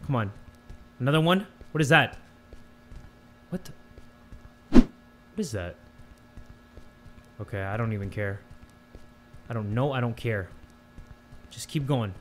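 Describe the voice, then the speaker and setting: A young man, playing a horror game on his channel, swearing, muttering low and then screaming in fright or joy. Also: a bit bright. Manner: jumpy, swears a lot, swings from muttering to screaming. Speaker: gaming YouTuber. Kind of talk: horror game let's play commentary.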